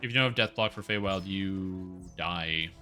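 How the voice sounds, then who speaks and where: Young male streamer, low-ish but very bright voice, casual joking gameplay chatter. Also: normal speed, faint music behind. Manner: chatty, jokey, explains as he plays. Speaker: game streamer.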